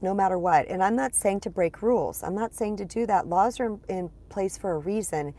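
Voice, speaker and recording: A woman's voice: mid-range voice, a little fast, hardly any pauses, mellow. A woman life coach talking casually to a live audience, a little congested, often repeating words and calling them "you guys.". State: congested, clearing throat. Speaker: spiritual empowerment coach. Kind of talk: casual live-stream talk to viewers.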